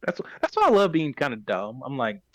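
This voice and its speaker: A man of middle pitch chats casually as a podcast host, rambling through a recap and stopping to correct himself. His voice sits close and dry, with no room echo. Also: huge pitch swings, fairly quick. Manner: rambling, self-correcting retelling. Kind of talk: casual plot recap chat.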